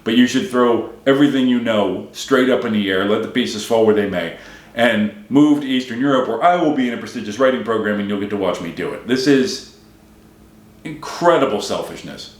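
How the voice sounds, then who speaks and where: A man's voice: fairly low pitch, fairly quick, roomy sound. A man giving a wry, emphatic solo critique of a film, repeating his points for effect. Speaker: film commentator.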